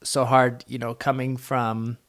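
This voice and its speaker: A man's voice: mid-range voice, little pitch movement, a little slow, fairly bright tone. A young man telling a personal story in a vlog, earnest and rambling, with many restarts. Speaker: vlogger.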